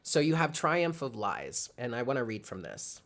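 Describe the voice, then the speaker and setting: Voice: medium pitch, very animated, normal speed, vocal fry, fairly bright tone, slight background noise. Chatty tarot reader thinking aloud. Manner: chatty, thinks aloud, keeps checking in with "okay?"; addresses chat viewers by name. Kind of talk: live tarot reading for viewers.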